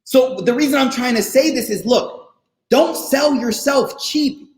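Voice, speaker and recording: A man giving a casual, slang-filled faith talk to college students, animated and repeating phrases for emphasis. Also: extremely high pitch, measured pace. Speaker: guest speaker at a faith session for students. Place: online session, room not known. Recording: roomy echo.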